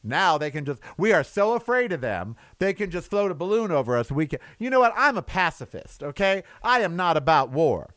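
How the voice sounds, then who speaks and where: A man's voice: fairly high pitch, sing-song, a little fast, hardly any pauses, a bit bright, no echo. A man delivering a sarcastic, exasperated rant as a commentator, with mocking asides. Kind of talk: ranting monologue.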